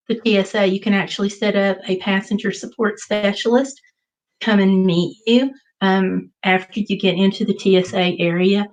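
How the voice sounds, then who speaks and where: A woman hosting a casual livestream, telling a travel story in an animated way and reading viewer comments aloud. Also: medium pitch, lo-fi sound. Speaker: livestream host. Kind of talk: casual live chat.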